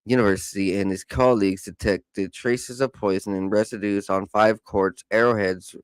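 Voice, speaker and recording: A man hosting a podcast, reading news articles aloud with casual joking asides, stumbling over hard words, and saying he is high. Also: steady tone, moderate pace, clean tone, dry recording. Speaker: podcast host.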